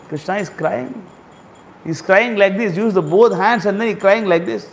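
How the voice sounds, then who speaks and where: A man giving a storytelling sermon, repeating phrases and slowly explaining words and verses. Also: high-pitched, vocal fry, a bit bright, a little hiss or hum. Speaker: speaker at a temple gathering.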